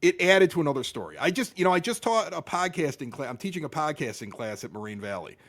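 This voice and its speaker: Middle-aged male podcast guest, animated raconteur, acts out quotes, a touch high-pitched. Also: fast talker. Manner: animated, exaggerated quoting of others. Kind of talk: casual storytelling.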